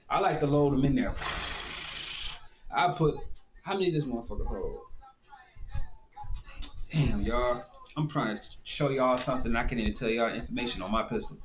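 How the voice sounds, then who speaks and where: A man with a Detroit accent telling a rambling, profane story and casually showing how something works. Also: mid-range voice. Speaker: video host. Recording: echoey room, faint background noise.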